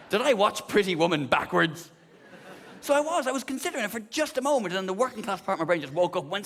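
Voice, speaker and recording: A man's voice: sits high, very animated, fast, a bit bright. A man performing live stand-up comedy on a theatre stage, ranting animatedly and swearing freely into a stage mic. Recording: long theatre hall reverb.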